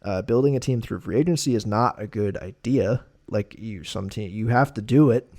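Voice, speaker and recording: A man hosting a solo sports podcast, talking casually in an opinionated, animated way with loose fillers. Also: fairly low pitch, normal speed. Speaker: podcast host.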